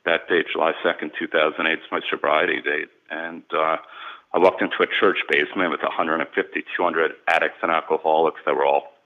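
A man's voice: rumbling low, flat delivery, a little fast, narrow, tinny audio. A man, a sports and celebrity agent, candidly recounting his own story as a guest in an interview, earnest and repeating words when moved.

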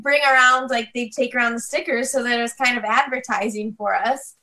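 Bright, high-voiced bubbly woman. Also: steady tone. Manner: bubbly, laughs often, quick storytelling. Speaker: bakery co-owner, guest. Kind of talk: casual podcast chat. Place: home, on a video call. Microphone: video call mic.

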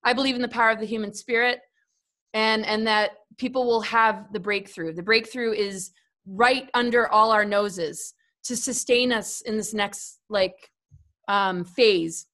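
A woman with a fairly high voice talks about spirituality in a casual, earnest way. She rambles, restarts sentences and repeats words as she goes, speaking as a guest in a conversation. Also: steady tone, measured pace, a bit bright.

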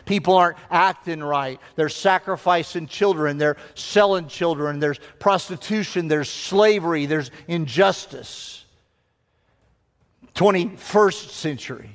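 A male pastor delivering a sermon in a fairly high voice, pressing each point with emphatic, rhythmic repetition. His words ring out with a long reverb trailing through a large church sanctuary. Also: a little slow.

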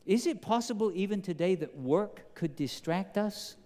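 A man preaching a sermon, posing questions to the congregation in an animated, emphatic way. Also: high voice, normal speed, long reverb tail. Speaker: pastor.

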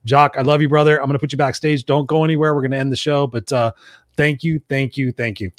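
A man's voice: medium pitch, steady tone, quick pace, dry recording. An effusive man hosting a live talk show, with a mid-range voice. He sounds enthusiastic and swears casually. The sound is dry and close. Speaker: podcast host.

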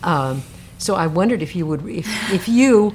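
A woman co-hosting a casual book chat, talking haltingly with many restarts. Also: fairly low pitch, lively intonation, darkish tone, slight background noise. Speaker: podcast co-host discussing a book.

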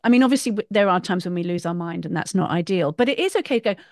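Middle-aged woman, podcast host, lively storyteller, dry close sound. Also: on the low side, fast talker, no echo. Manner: animated, acts out voices in quotes. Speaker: podcast host, parenting coach. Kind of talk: casual conversational interview.

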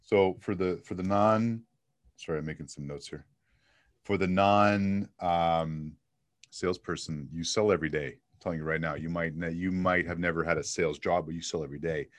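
A man with a very low, deep voice chats through an interview. He tells stories with energy and slips into acted-out dialogue as he goes. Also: moderate pace, no echo. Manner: energetic storyteller, acts out dialogue. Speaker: sales trainer and guest. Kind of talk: casual interview talk.

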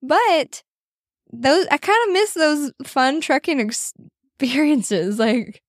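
A chatty, playful woman co-hosting a podcast in relaxed conversation with her husband. Her voice sits a little high, and she leans on "like" as she talks. The sound is close and dry, with no room echo. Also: slow pace. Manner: chatty and playful, heavy use of "like". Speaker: podcast co-host. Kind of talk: casual chat with her husband.

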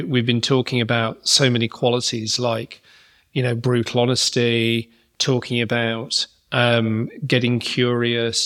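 A man's voice: mid-range voice, fairly bright tone. A man hosting a business podcast, talking in a thoughtful, rambling way with fillers and restarts. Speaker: podcast host. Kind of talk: conversational interview and wrap-up.

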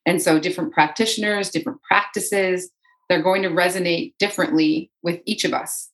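A woman with a fairly low voice talks through spiritual ideas as a guest on a podcast. She explains earnestly and circles back on her own phrases for emphasis. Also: steady tone, a little fast, poor audio. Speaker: energy healer, podcast guest. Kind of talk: conversational interview.

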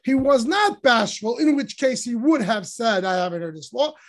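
A man with a very high-pitched voice teaches Torah, studying religious commentary with his class at a normal speed and in an animated manner. He poses emphatic rhetorical questions and his voice climbs on quotations.

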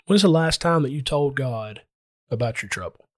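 A man's voice: mid-range voice, expressive, normal speed, no echo, clean studio sound. A man preaching a sermon in an earnest, explanatory way, speaking directly to his listeners.

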